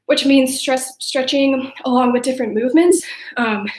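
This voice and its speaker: A woman's voice: high-pitched, normal speed. A woman sports coach leading a home workout, upbeat and encouraging, counting reps aloud and out of breath. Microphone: camera mic at a distance. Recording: echoey room, voice from off-mic.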